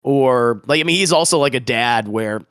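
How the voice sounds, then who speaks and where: Bright-voiced excitable male podcast host. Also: mid-range voice, moderate pace, smooth, no echo, studio quality. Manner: excitable, swears, retells scenes with many restarts. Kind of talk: casual podcast review chat.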